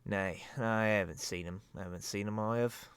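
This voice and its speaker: A man's voice: on the low side, steady tone, moderate pace, fairly bright tone, clean tone, dry recording. A man voicing a wary, scruffy male street loiterer who talks in a drawling, folksy slang and sounds suspicious.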